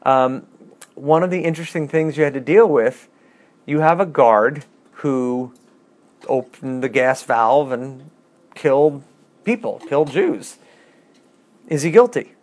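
A man's voice: mid-range voice, unhurried, pauses often, a little mellow. A man teaching a casual bible class, reading scripture aloud and adding wry, chatty asides.

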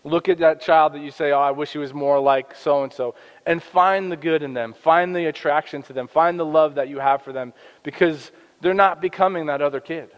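An earnest man in his thirties talks about parenting from a faith angle, with a slightly raised pitch and a loose, conversational flow. His voice trails off in long reverb, and the recording is muffled and lo-fi. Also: brisk. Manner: earnest, conversational, with frequent restarts. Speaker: youth ministry worker and parent. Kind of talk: faith-based parenting talk. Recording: dull lo-fi sound with long reverb.

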